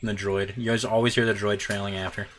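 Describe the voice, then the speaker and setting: A man's voice: on the low side, flat delivery, fast talker, fairly bright tone, slight background noise, poor audio. A man running a tabletop game as game master, loose and rambling, swearing often.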